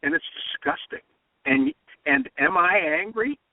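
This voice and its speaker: A man's voice: a little high, expressive, unhurried, no echo. A man hosting a political talk radio show, emphatic and impassioned, often repeating himself. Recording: dry, phone-like radio sound.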